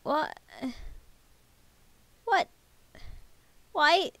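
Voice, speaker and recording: A woman streaming live, chatting casually with her viewers and a friend, excitable and quick to laugh. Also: very high voice, dry recording. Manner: giggly, excitable, talks to chat.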